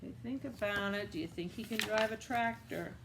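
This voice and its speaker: A woman reading a children's picture book aloud, animated, with asides to young listeners. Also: mid-range voice, fairly quick, noisy background. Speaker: reader.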